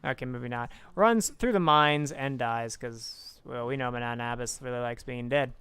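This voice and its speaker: A young man casting a video game with excitable, swearing, self-mocking commentary, talking close to his microphone. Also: mid-range voice, normal speed, clean tone. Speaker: game caster. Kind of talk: casual esports commentary.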